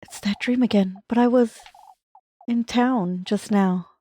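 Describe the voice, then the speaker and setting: A woman's voice: mid-range voice, measured pace, mellow. A young woman streaming a horror game, reacting casually, swearing and laughing at herself.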